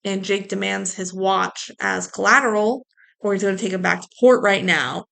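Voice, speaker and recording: A woman's voice: mid-range voice, steady tone, moderate pace, gravelly, a bit bright. A woman co-hosting a podcast, chatting casually through a movie recap, laughing and quoting characters. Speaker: podcast co-host.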